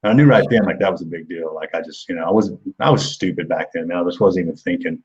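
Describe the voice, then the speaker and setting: A man's voice: low voice, quick pace, a little mellow, dull audio. A man in his forties, a former wrestler and guest, telling rambling, profane backstage stories in a casual chat and laughing along the way.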